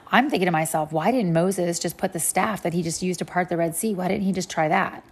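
Chatty woman teaching the Bible. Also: fairly low pitch. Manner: chatty, animated, acts out quick voices for God and people.

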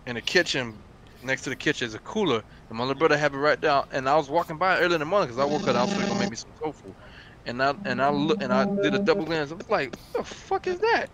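Young adult male, casual gamer chat, bright tone, profane storyteller. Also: medium pitch, very fast, a little hiss or hum. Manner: profane, animated storyteller acting out quotes. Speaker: gamer chatting in a group voice chat.

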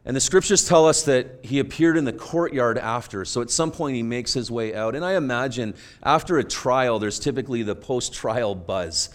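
A man preaching a sermon, retelling a story earnestly and moving between hushed, quiet passages and emphatic ones. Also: mid-range voice, moderate pace, hardly any pauses. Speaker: pastor.

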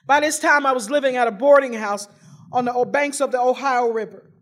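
Woman w/ a high voice telling her recovery story to a crowd, funny and animated, big dramatic pauses. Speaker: recovery meeting speaker. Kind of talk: personal recovery story told to an audience.

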